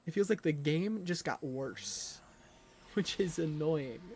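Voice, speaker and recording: A man's voice: a little high, slow pace, a little mellow, slight background noise. A young man streaming a video game live, ranting and swearing in frustration at his character. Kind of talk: live gameplay commentary.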